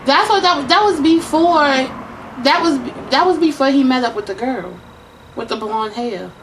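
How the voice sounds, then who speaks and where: A woman's voice: sits high, normal speed, a little hiss or hum. A woman co-hosting a casual TV recap chat, blunt and teasing, with plenty of swearing. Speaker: co-host of a TV recap show.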